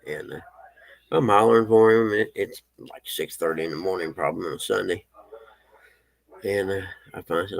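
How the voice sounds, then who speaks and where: A man's voice: deep voice, fairly quick, gravelly, long pauses, low-quality recording. A man casually telling a story in a folksy way, chuckling often and talking fondly to his dog. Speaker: vlogger.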